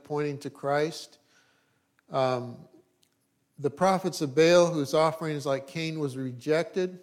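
A man's voice: on the high side, darkish tone. A man preaching a sermon, reading scripture aloud and explaining it in plain talk, checking in with his listeners.

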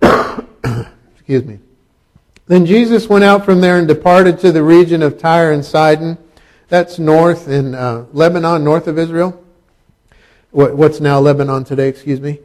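Pastor, middle-aged man, slightly high voice, chatty sermon with jokes. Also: a little slow, pauses often, a little mellow. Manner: conversational preaching with asides and humor.

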